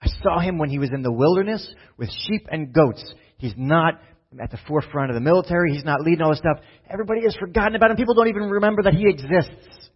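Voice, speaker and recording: A man's voice: mid-range voice, unhurried, pauses often, slightly rough. A man voicing God declaring his chosen king, in an emphatic, rising delivery within a sermon. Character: God choosing a young king, male. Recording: dull lo-fi sound.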